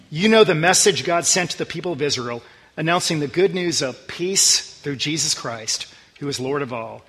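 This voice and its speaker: A man preaching a sermon as pastor, talking conversationally and earnestly, dropping low and quiet on scripture verses. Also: expressive, normal speed, breathy edge, in a large hall.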